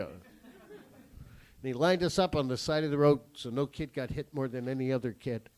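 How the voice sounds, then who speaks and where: A man doing stand-up comedy and a drawing lesson on a theatre stage, swearing freely, acting out his family and swinging from quiet asides to sudden shouts. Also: mid-range voice, low-quality recording. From Canada. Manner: acts out family members in quick voices. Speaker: comedian and cartoonist. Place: theatre stage with a live audience.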